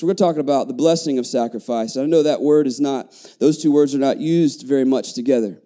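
Animated preacher man, warm voice. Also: medium pitch, brisk, few pauses. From United States. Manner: animated preaching with repeated restarts and call-and-response asides. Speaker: pastor. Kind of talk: sermon. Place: church sanctuary.

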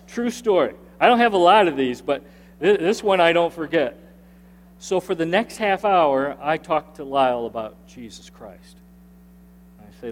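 Earnest pastor telling a story in a reverberant hall. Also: male voice, expressive, a little slow, pauses often. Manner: earnest, emphatic storytelling that rises in pitch at key points. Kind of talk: sermon storytelling. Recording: long reverb of a large hall.

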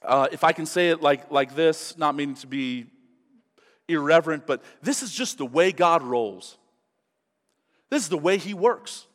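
A male pastor preaching a sermon, animated, acting out quotes in different voices. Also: on the high side, a little slow, in a large hall.

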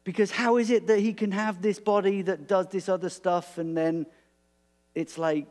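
A man preaching a sermon in a relaxed, conversational way, animated and prone to restarts. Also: high-pitched, moderate pace.

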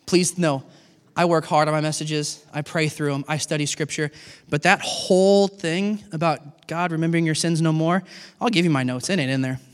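A middle-aged man preaching a sermon as a pastor, animated and acting out little dialogues with God. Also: a little high, moderate pace, smooth, in a large hall.

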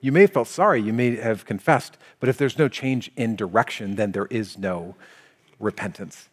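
A man's voice: on the low side, normal speed, slightly rough, in a large hall. A man preaching a sermon as a pastor, earnest and conversational, acting out everyday scenes. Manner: animated, acts out everyday scenes with playful exaggeration.

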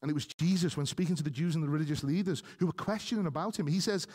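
A man's voice: on the high side, racing, hardly any pauses, a little mellow, long reverb tail. A man preaching a sermon earnestly, speaking directly to his congregation and rising to emphatic peaks.

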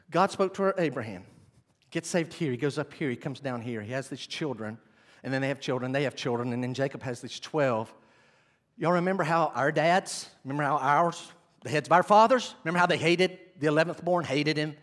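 A man, preaching an animated sermon and speaking directly to his congregation. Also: fairly high pitch, brisk. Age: 40s. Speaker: pastor.

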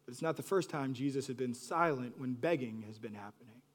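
A man preaching a sermon, moving between hushed, soft lines and loud, animated bursts, and acting out pleading voices. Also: medium pitch, fairly quick. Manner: acts out quoted voices with pleading repetition. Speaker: pastor.

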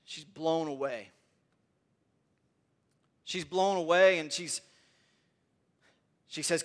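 A man's voice: fairly high pitch, slow pace, pauses often. A man preaching a sermon in an earnest way, often repeating words as he builds toward a point.

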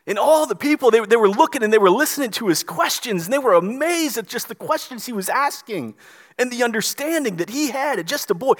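Animated stammering male preacher. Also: very high-pitched, fairly quick, long reverb tail. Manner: animated, stammering restarts, dramatic retelling. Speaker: pastor. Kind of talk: sermon.

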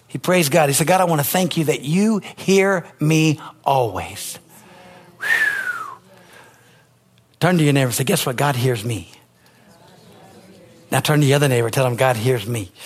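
This sermon comes from a male pastor whose fairly high voice has a husky quality. He preaches emphatically in call-and-response style, repeatedly looking to the congregation to answer him.

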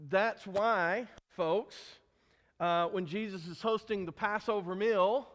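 A man with a high voice preaches a sermon, pressing his points with emphasis and repeated questions to the congregation. His voice rings through a hall with a long reverb. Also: slow. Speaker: pastor.

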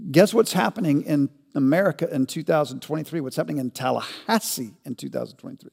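Gravelly preacher in a reverberant hall. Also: male voice, a little high, quick pace. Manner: rhetorical questions, rising to loud emphatic peaks. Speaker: pastor. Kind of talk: sermon.

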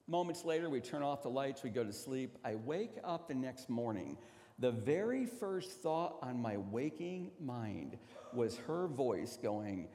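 A man preaching a sermon as a pastor, telling a story dramatically and swinging from loud to hushed. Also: mid-range voice, very animated, normal speed, big-room sound. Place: church sanctuary.

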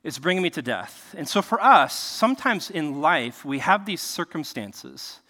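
A man's voice: fairly high pitch, big pitch swings, a little slow, sharp tone, big-room sound. A man preaching a sermon from a cramped enclosed space, conversational and full of rhetorical questions. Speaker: pastor.

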